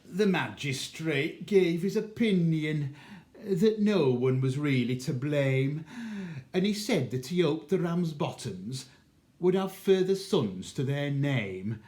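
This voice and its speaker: A man, a librarian, reciting a comic rhymed monologue in a measured, theatrical storytelling manner. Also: on the high side, lively intonation, darkish tone.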